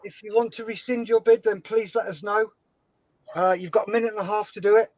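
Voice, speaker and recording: A man hosting a live-stream charity auction, brisk and upbeat, reading out chat comments and calling the time left. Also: sits high, steady tone, a little mellow, no echo, rough recording. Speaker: host and auctioneer.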